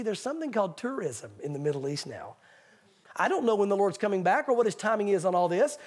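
A pastor with a very high voice, delivering a sermon to his congregation. He reads the scripture passages slowly and with strong emphasis. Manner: preaching, reading scripture aloud slowly and emphatically.

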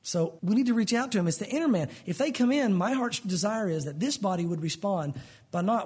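A man's voice: high-pitched, lively intonation, fairly quick, darkish tone, slightly rough. A man preaching a conversational sermon as pastor, acting out quoted voices as he goes.

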